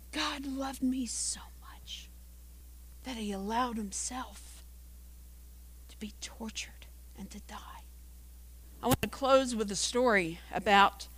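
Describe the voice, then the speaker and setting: High-voiced woman preaching earnestly. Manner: earnest, drops to a whisper for emphasis. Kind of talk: sermon.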